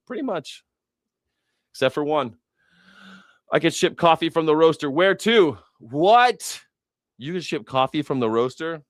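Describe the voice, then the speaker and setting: A man's voice: a little high, dry recording, clean studio sound. An American man hosting a casual news commentary livestream, sarcastic and profane, laughing at his own jokes.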